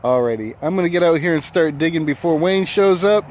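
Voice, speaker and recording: A man's voice: fairly high pitch, lively intonation, a little fast, darkish tone, slight background noise. Laid-back chatty American man vlogging. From United States. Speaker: metal detecting vlogger. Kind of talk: casual vlog talk to camera. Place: outdoors at a hunting site and by his truck.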